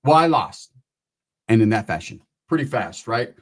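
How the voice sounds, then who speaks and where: A man spinning a comic, profanity-laced tale in an animated, conversational way. His voice is husky, sits at an ordinary male pitch, and keeps checking in with the listener as he goes. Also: normal speed. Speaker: storyteller. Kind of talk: comedic profane anecdote.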